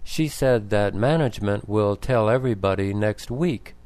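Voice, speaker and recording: A man's voice: on the low side, a little mellow, dry recording, natural voice. Amy, a man reading a young woman tenant. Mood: worried. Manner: plain, measured storybook delivery. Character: young woman tenant, worried then overjoyed.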